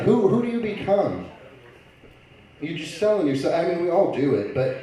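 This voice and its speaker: A man's voice: on the high side, very animated, normal speed, dark tone. A man doing a sarcastic, exasperated stand-up set as the host of a bar open mic. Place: comedy bar lounge. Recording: echoey room, voice from far off.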